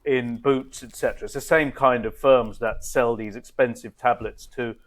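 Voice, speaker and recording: A man's voice: medium pitch, fairly even intonation, normal speed. A man telling a story on a podcast panel in a wry, amused way. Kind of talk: casual panel chat.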